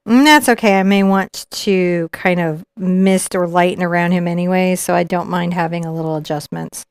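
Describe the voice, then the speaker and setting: A woman's voice: lowish voice, steady tone, normal speed, clear, resonant tone, no room sound. A woman teaching a live acrylic painting lesson, chatting and explaining each step as she paints. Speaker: art instructor.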